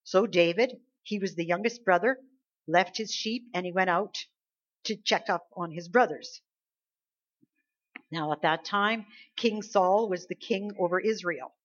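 A woman's voice: fairly low pitch, measured pace. A woman preaching a sermon, exhorting her listeners emphatically, with her volume rising and falling. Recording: slightly dull lo-fi recording.

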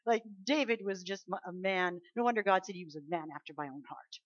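A woman preaching a sermon, emphatic, swinging between loud declarations and soft asides. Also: lowish voice, expressive, fast, no room sound. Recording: dull lo-fi dry recording.

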